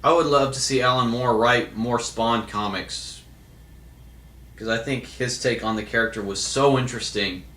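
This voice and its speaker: A man casually answering viewer questions, hesitant and full of fillers and restarts. His voice sounds bright and a little sharp, at a middle pitch. The recording rings noticeably in an echoey room. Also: moderate pace. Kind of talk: casual Q&A monologue.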